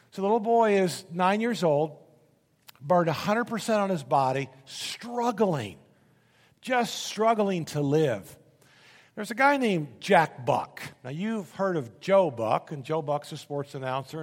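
Pasteur, homme à la voix assez haute, sermon énergique, longue réverbération de grande salle. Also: male voice, on the high side. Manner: energetic storytelling preacher, rising to emphatic bursts. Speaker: pastor. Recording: long reverb of a large hall.

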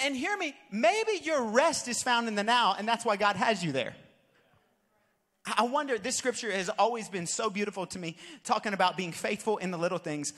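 A young pastor tells funny stories from the pulpit, then builds up to shouted calls to his listeners. His voice sits high and bright. It rings with the long echo of a big church hall. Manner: animated, jokey, builds to shouted exhortation. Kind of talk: sermon with storytelling. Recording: long reverb of a large hall.

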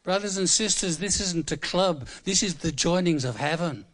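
A man's voice: on the high side, animated, normal speed, a bit bright. A seventy-five-year-old man from England giving a humorous, conversational sermon in church, repeating words for emphasis. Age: 70s. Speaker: preacher.

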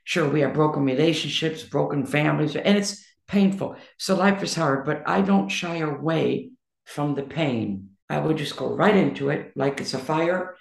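Gravelly, blunt-spoken woman guest. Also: low-pitched, moderate pace, reverberant. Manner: emphatic, blunt and outspoken. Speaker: interview guest, poet and songwriter. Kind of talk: candid conversational interview.

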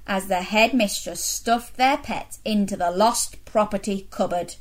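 A woman reading a story aloud for children, animated and pausing to ask them questions. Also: mid-range voice.

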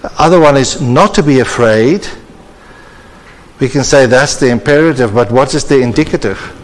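Male preacher, earnest and deliberate, reverberant church hall. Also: medium pitch, a little hiss or hum. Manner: earnest, measured, preacherly emphasis. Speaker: conference speaker. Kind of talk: sermon.

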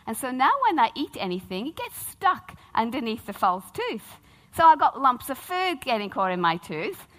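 A middle-aged woman, preaching a sermon as a lively, humorous personal story. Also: fairly high pitch, moderate pace. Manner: animated, humorous storytelling with acted-out quotes.

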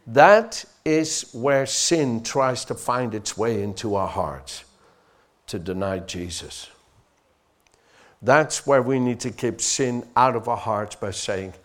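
A male pastor delivering a sermon with a very lively, expressive pitch. He speaks slowly and deliberately, swinging between soft, hushed lines and loud, rising exhortation, and calls on the congregation to respond.

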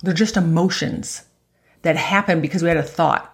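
A woman with a slightly low voice talks golfers through their emotions like a coach. She keeps it chatty, checks in with a quick "right?" and laughs often. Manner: acts out inner voices in quotes. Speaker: golf mental coach. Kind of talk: conversational motivational talk.

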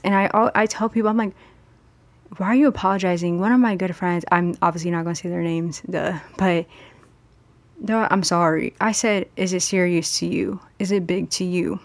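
A woman's voice: fairly low pitch, no echo. Candid solo podcast host, woman, conversational, dry booth sound. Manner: candid, conversational, speeds up and slows down for emphasis. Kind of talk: casual solo podcast talk.

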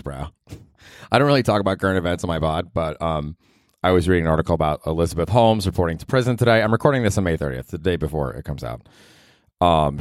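Low-voiced man rambling on a podcast. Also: dry recording, clean studio sound. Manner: rambling, profane, self-mocking. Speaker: podcast host. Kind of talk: casual comedic monologue.

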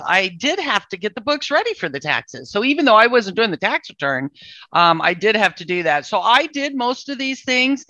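Bright-voiced woman giving a software walkthrough. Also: medium pitch, no echo, rough recording. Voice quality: upbeat, explains step by step, laughs easily. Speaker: webinar presenter for accountants. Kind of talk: screen-share software walkthrough. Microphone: computer mic on a video call.

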